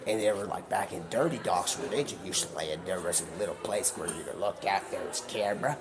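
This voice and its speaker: Deep-voiced man rambling in a car. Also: a little fast. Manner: rambling, jumps between voices and whispers. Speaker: livestreamer. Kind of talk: improvised rambling storytelling on a livestream. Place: in a car while driving. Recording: clear background noise.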